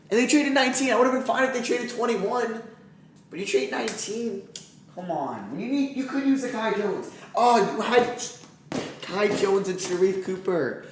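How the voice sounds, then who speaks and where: A man's voice: high-pitched, animated, a little fast, a bit bright, roomy sound, slight background noise. A man hosting a live reaction stream, ranting as an exasperated sports fan.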